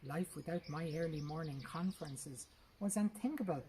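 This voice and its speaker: A woman reading a short story aloud in a lively, expressive first-person narration. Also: low-pitched, normal speed, noisy background. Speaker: reader.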